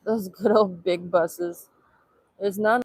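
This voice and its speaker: A woman's voice: mid-range voice, fairly even intonation, slow, husky, dry recording. A young woman chatting casually on a livestream outdoors at sunrise, reading chat aloud in a playful way, filmed on a handheld phone. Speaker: livestream vlogger.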